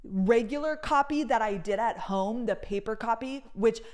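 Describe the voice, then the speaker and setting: A young adult woman chatting casually in a storytime vlog, swearing freely and retelling events in a lively way. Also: a little high, normal speed. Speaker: vlogger.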